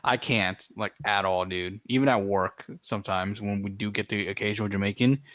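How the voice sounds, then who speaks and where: A man's voice: fairly low pitch, steady tone, moderate pace, a bit bright, no echo. A man co-hosting a podcast in casual chat, dry, teasing and bluntly honest. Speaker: podcast co-host.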